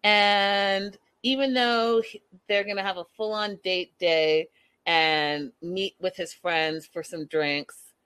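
A woman's voice: mid-range voice, fairly even intonation, takes it slowly, fairly bright tone, smooth, dry recording. A young woman recapping a reality show in a chatty, incredulous way, talking straight to her viewers. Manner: chatty, incredulous, addresses viewers as "you guys". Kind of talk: casual recap commentary.

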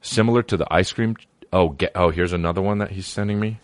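A man's voice: sits low, quick pace, dry recording. A young man reacting to videos in rambling, profane casual commentary, full of stammered restarts.

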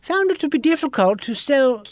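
A man doing an impression of a folksy former president in a Texan drawl, rambling along slowly. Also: extremely high pitch, sing-song, dry recording, voice pushed up.

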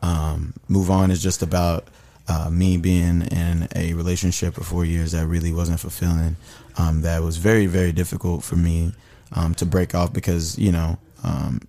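A man's voice: low voice, little pitch movement, moderate pace, hardly any pauses, mellow. A man who is a guest musician, talking about his music in a laid-back way on a podcast, with many ums. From Dallas. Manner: laid-back, says um often. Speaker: guest artist. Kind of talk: casual podcast chat.

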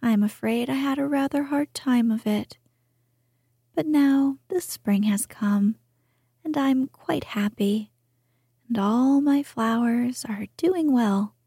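A humble, good-hearted young gardener, as a woman puts him on in whispered role-play. His voice sits a touch higher, breathy and earnest. The telling stays slow and hushed. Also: no room sound, studio quality, full character voice.

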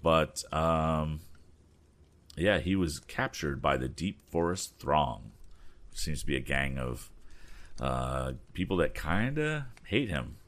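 A man reading a story aloud with relaxed, chatty asides. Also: slow. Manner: voices the boys' lines with raised pitch. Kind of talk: casual read-aloud narration with asides.

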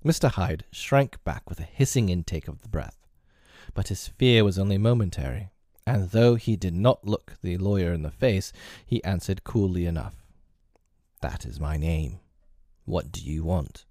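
A man reading a classic novel aloud in a measured, steady storybook narration. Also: low-pitched, no echo, clean studio sound.

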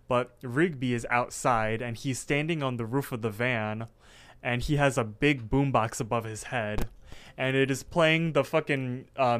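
Smooth-voiced man recapping a cartoon. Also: medium pitch, fairly bright tone. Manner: recaps scenes with many fillers. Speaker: podcast co-host. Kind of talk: casual podcast recap.

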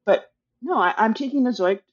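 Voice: mid-range voice, animated, normal speed, dull audio. An author talking casually about their book, hesitant and thinking aloud, with many restarts. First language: English.

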